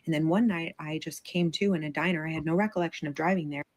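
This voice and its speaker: A woman doing a hushed, ominous older gambler. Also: deep voice, fairly even intonation. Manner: quiet, measured, solemn. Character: mysterious older man, mid-fifties gambler, ominous and calm.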